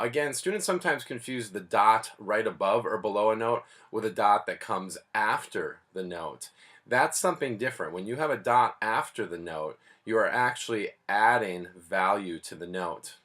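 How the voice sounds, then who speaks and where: A man with a fairly low voice teaches a band class. He explains each point patiently and plainly, in an everyday teaching manner. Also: expressive, normal speed, fairly bright tone. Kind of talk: music lesson.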